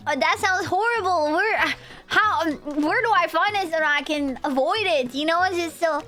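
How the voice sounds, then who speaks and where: Brief: young woman streamer, high voice, rambling and giggly, faint music behind. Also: moderate pace, a bit bright. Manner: rambling, giggly, talks to chat. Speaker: live streamer. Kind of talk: casual live-stream chat.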